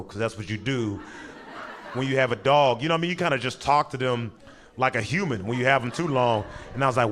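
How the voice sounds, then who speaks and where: A man doing stand-up, telling a long story and acting out the people in it with quick voice changes. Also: medium pitch. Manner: animated, acts out characters in quick voices, breaks into laughter. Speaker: stand-up comedian.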